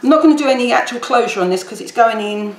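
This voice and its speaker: A woman's voice: a little high, fast talker. A woman chatting casually as she demonstrates a papercraft project, rambling while she works. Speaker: papercraft tutor. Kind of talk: casual crafting tutorial. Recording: echoey room with faint background noise.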